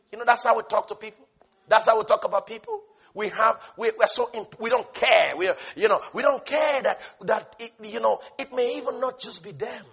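High-pitched, impassioned male preacher. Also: fairly quick, gravelly, husky. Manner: impassioned, swings between shouting and hushed tones; repetitive, emphatic preaching. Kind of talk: sermon.

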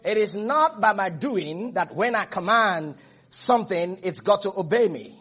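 Male pastor, high husky voice, fervent sermon delivery with repeated refrains. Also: expressive, unhurried, fairly bright tone. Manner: preaching with rising fervor and repetition, calls to congregation.

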